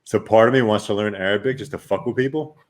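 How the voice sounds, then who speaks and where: Podcast host, man, slightly low voice, playful, loose, profane casual chat. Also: fast.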